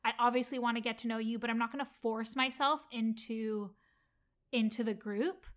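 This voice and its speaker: A Canadian woman with a slightly high voice tells a story with lively energy. She acts out the lines people said in an easygoing, chatty way. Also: moderate pace. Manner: animated storyteller, acts out quotes. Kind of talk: casual chat.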